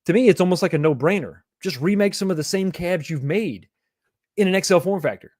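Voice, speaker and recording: A livestream host reads viewer comments aloud and answers them in a chatty, reassuring tone, calling people buddy. His voice is high, fairly quick and a little mellow, recorded in a clean studio with no room sound.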